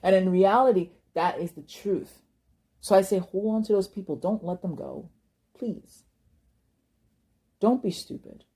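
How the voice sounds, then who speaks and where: A woman's voice: medium pitch, measured pace, pauses often, dark tone, husky. A young woman giving an emotional personal monologue, impassioned and ranting, cursing and repeating words when worked up. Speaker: vlogger.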